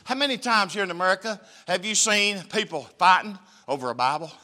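A man's voice: high voice, lively intonation, fairly quick, sharp tone. A man, a missionary preacher telling a testimony in a church sermon, folksy and emphatic. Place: church sanctuary.

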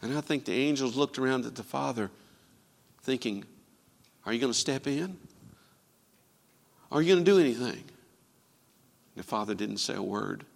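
A man preaching a sermon, quoting scripture and swinging from loud, ringing lines to hushed ones. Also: mid-range voice, animated, normal speed, creaky, pauses often, long reverb tail.

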